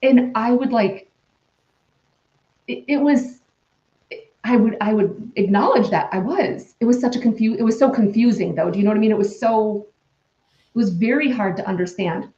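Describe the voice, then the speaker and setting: A woman's voice: on the high side, moderate pace, pauses often, mellow. A woman in her forties, a podcast guest telling a personal story in an earnest, rambling way with many restarts. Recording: dull, roomy-sounding remote recording.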